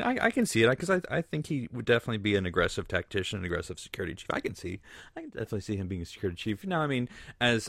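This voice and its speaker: A man co-hosting a casual podcast with a low voice that swings up and down a lot. He jokes around and throws in playful asides. The sound is close and dry. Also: creaky, a bit bright, no echo. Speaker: podcast co-host. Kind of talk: casual chat.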